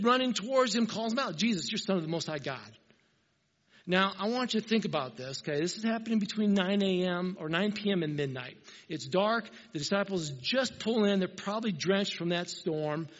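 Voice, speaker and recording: A man preaching a sermon, telling the story with animated, emphatic asides. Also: high voice. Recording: reverberant hall, dull lo-fi sound.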